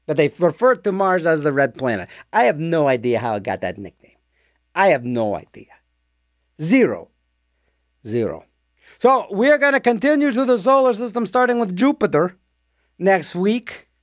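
Lively rambling male radio DJ. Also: high-pitched, normal speed, no echo, clean studio sound. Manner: rambling, jokey, mock-reading announcements. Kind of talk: casual radio patter.

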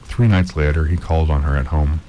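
Male story narrator, very low and mellow, steady read-aloud delivery. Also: a little hiss or hum, low-quality recording. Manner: measured, with occasional stumbles and repeats.

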